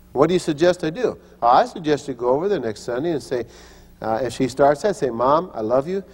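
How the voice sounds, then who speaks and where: An older male pastor delivers a storytelling sermon in a mid-pitched voice. He acts out quoted voices and restarts his phrases as he goes. A long reverb rings around him as if in a large hall. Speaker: pastor and teacher. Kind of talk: sermon with personal stories.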